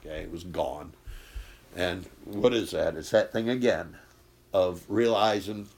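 An impassioned male preacher with a fairly low voice delivers a sermon. He swings between loud, urgent bursts and hushed, intense stretches. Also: unhurried, creaky.

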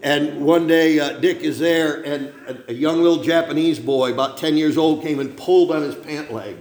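A man preaching a sermon, telling a war story with dramatic swings between loud lines and hushed ones. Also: a little high, normal speed, reverberant.

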